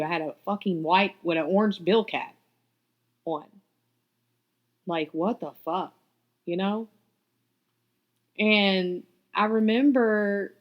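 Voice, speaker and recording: A young woman tells her own story in a blunt, candid way and swears freely. Her voice sits at an ordinary pitch. The audio is dull and lo-fi. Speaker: podcast host. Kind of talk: personal storytelling.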